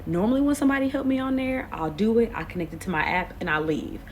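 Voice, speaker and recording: A woman in her late twenties telling a storytime to camera, animated and expressive, full of slang. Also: fairly high pitch, quick pace, a little hiss or hum. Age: late 20s. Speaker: vlogger. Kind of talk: casual storytime.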